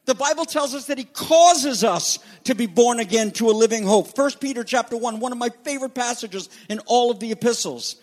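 A man preaching a sermon as pastor, emphatic, swinging between loud declarations and quiet asides. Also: very high-pitched, brisk, hardly any pauses. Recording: long reverb of a large hall.

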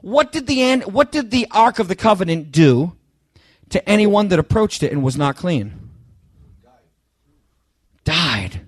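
A man with a fairly high voice delivers a sermon, pressing his points with sudden loud bursts and talking straight to his listeners. He stumbles and restarts phrases as he goes. The sound is dry and close, with no room around it. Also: big pitch swings, husky, no echo. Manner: emphatic, rising to loud bursts on key phrases; halting restarts, addresses listeners directly. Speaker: preacher.

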